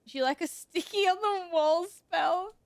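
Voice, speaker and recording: A woman's voice: very high-pitched, unhurried, no echo. A woman streaming a game, chatting casually to her viewers and exclaiming and giggling a lot. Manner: giggly, exclaiming, talks to chat. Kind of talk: casual gaming stream chat.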